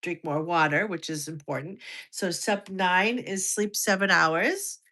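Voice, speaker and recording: A woman's voice: on the low side, measured pace, pushed and bright. A woman from the United States in her fifties, hosting a casual livestream, chatty and restarting sentences as she reacts to viewer comments. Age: over 50. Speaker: health livestream host.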